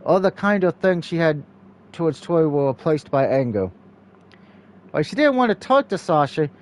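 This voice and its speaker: Man, fairly high voice, let's-play narrator, steady storybook reading. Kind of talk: reading a story game aloud.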